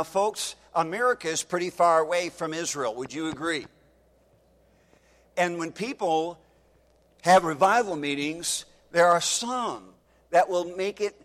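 A man's voice: fairly high pitch, fairly bright tone, big-room sound. A man preaching a sermon, reading scripture aloud and pressing his points with emphasis. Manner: emphatic, reads scripture aloud in King James wording.

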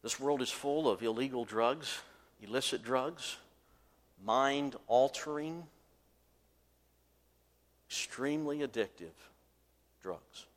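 A man's voice: mid-range voice, slow, long pauses. A man preaching a sermon from the pulpit, telling a story and acting out its voices with rising force. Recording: long hall reverb.

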